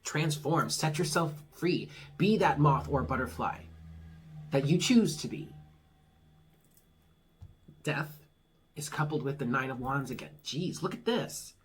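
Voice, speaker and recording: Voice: medium pitch, a little slow, pauses often, slight background noise. A tarot reader giving a casual monthly reading, talking frankly, swearing freely and reassuring the listener. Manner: laughs at own jokes.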